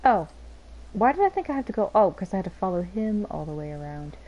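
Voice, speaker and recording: A woman's voice: mid-range voice, sing-song, quick pace, warm tone, lo-fi sound. A woman giving casual gameplay commentary, chatty and playful, swearing freely. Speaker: game streamer.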